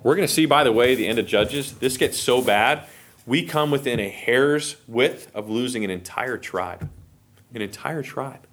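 A man's voice: mid-range voice, normal speed. A man with an American accent teaching the Bible verse by verse, acting out the quotes and checking in with listeners. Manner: animated, acts out quotes, asks listeners okay.

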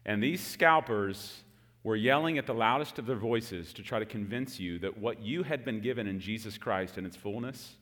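A man's voice: lowish voice, normal speed. A man in his forties, raised in Texas, preaching a sermon and telling a story with jokes to the congregation. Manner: animated storytelling with jokes to the room. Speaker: pastor. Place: large hall with an audience. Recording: long hall reverb.

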